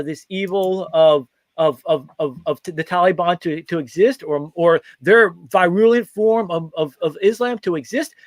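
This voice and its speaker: A man's voice: high voice, no room sound. A man hosting a political talk show, giving mocking, opinionated commentary that rambles and restarts often.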